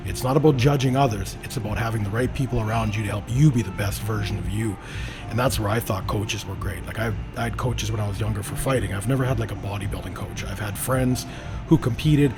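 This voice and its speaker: A man hosting a podcast in casual chat, talking about training with emphatic, profane motivational energy. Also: fairly low pitch. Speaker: podcast host.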